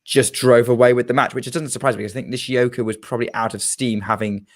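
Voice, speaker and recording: A man with an ordinary mid-range voice, co-hosting a casual tennis chat. He hesitates often and fills pauses with ums as he recalls match details. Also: mid-range voice, steady tone. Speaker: podcast co-host.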